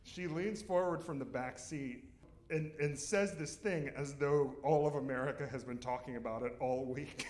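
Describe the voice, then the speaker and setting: A man's voice: medium pitch, moderate pace, a little mellow, echoey room, slight background noise. A man telling a comic story on stage at a live storytelling show, laughing through his own lines.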